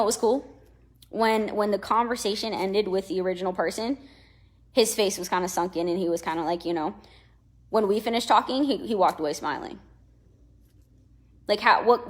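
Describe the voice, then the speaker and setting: A young woman hosting a casual motivational talk, chatty and animated, acting out quoted voices and laughing often. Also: medium pitch, quick pace. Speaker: motivational session host.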